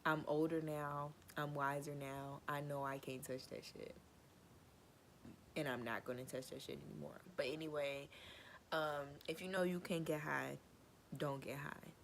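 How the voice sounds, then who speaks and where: A woman with a notably low voice tells a personal story straight to camera, loose and animated, with plenty of slang and swearing. She slips into the voices of the people in her story as she goes. A faint hiss sits under the recording. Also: a little slow, gravelly. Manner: animated, slangy, swears freely, acts out quotes. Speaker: storytime vlogger. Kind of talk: casual storytelling.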